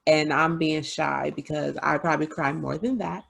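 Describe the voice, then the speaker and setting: Chatty, low-voiced woman podcast host. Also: fairly even intonation, gravelly. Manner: chatty and confiding, laughs often, quick asides. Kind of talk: casual podcast chat.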